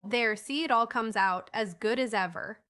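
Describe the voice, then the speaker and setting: A woman voicing a calm steady boy. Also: fairly high pitch, normal speed, clear, resonant tone, lightly acted.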